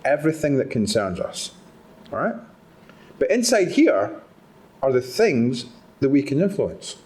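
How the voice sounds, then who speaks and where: Scottish man, conference speaker, animated pitch, engaging, audience participation. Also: a little slow. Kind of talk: live talk to an audience. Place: conference hall.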